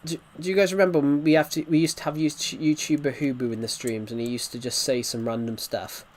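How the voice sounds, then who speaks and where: A man's voice: mid-range voice, little pitch movement, brisk, darkish tone. A man, a gaming streamer, telling a story in casual chat with rambling restarts.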